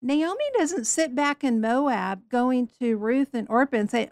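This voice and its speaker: A woman teaching on a Bible story in a lively way, acting out the voices she quotes. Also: a little high, measured pace, no room sound.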